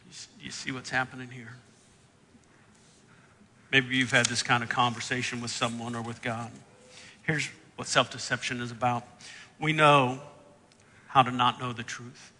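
A man preaching a sermon, reading scripture and acting out the characters' lines with big jumps in pitch and loudness. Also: little pitch movement, normal speed, long pauses, in a large hall, a little hiss or hum. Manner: acts out the Bible characters' lines with big swings in pitch and volume. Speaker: pastor.

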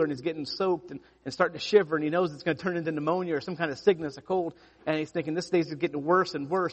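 A pastor preaching a sermon, telling stories with lively emphasis and frequent restarts. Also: male voice, on the high side, big-room sound. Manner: animated storytelling with repeated restarts.

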